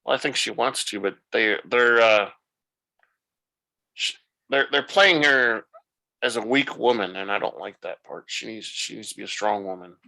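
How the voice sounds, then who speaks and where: A man's voice: on the low side, moderate pace, vocal fry, pushed and bright, poor audio. A man hosting a podcast, retelling the plot loosely in a casual recap and thinking aloud as he goes. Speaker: podcast host.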